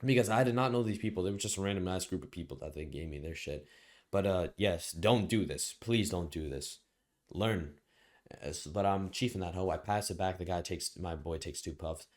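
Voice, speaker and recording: A man's voice: sits low, a little fast, a little mellow. A young man vlogger telling a rambling, slangy, profanity-heavy story in a casual storytime monologue.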